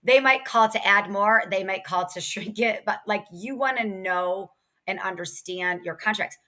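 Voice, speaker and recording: Woman in her 30s from ohio, bright forceful voice, chatty podcast guest talking fast and easy. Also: mid-range voice. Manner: energetic, quick, chatty with laughs. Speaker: podcast guest, sales expert and author. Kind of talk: casual interview chat.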